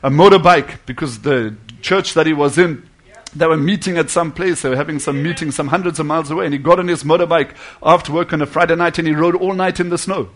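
High-pitched guy preaching hard, gets loud then drops to a hush. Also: fast. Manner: fervent, swinging from loud to hushed. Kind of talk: sermon.

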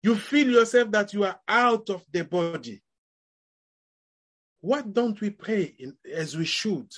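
Male preacher, somewhat high voice, emphatic rising phrases, chatty sermon. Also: expressive. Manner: conversational preaching with rising emphatic lines and quick asides.

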